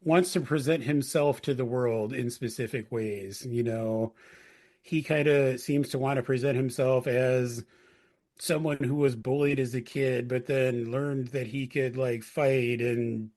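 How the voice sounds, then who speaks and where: A man's voice: medium pitch, fairly even intonation, unhurried, a little mellow. A man co-hosting a podcast, talking casually and thinking aloud with hedges. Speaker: podcast co-host.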